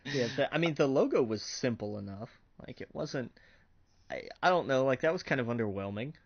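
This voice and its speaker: A man co-hosting a casual podcast, halting and sarcastic with frequent laughs. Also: mid-range voice, expressive. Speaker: podcast co-host. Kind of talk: casual chat. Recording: dull lo-fi sound.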